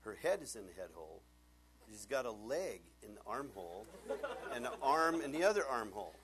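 Male pastor, thirties, lively sermon delivery with wide pitch swings and playful acted-out dialogue. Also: a little fast, noisy background. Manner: animated, jokey storytelling with voices.

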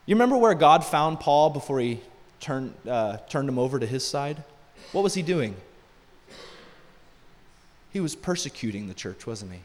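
A man's voice: on the high side, lively intonation, normal speed, darkish tone. Man preaching in a reverberant church. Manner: conversational preaching with asides and rhetorical questions. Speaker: pastor. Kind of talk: sermon. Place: church sanctuary. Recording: long hall reverb.

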